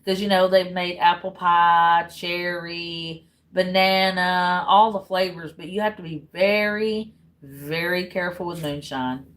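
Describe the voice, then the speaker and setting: On a rough recording, a livestream host from Tennessee chats with her viewers in a blunt, easygoing Southern drawl, cursing without restraint. Her voice is on the low side, a bit bright and steady in tone, and a little slow.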